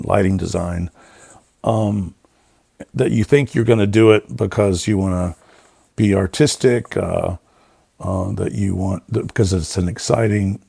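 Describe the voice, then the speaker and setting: A man's voice: lowish voice, vocal fry, breathy edge, dry recording, studio quality. A middle-aged man, a production designer, chatting as a guest and telling rambling stories full of fillers. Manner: rambling, warm storytelling with many fillers. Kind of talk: casual interview chat.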